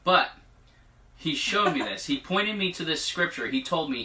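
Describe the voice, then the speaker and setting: A man preaching informally, reading scripture aloud in a chatty way, often laughing and at times turning hushed and emotional. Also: on the high side, moderate pace. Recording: echoey room, mic at a distance.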